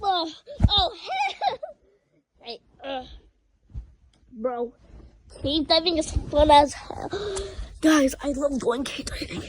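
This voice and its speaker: A woman's voice: high voice, very animated, slow, pauses often, low-quality recording. A young woman vlogging with her cat, chatting casually in a playful, rambling way with many restarts.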